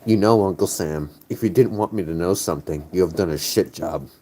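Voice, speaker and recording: Tipsy, rambling man with a low voice. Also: a little fast, dark tone, a little hiss or hum. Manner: rambling, profane, joking. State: tipsy, slightly slurring. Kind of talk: casual chat.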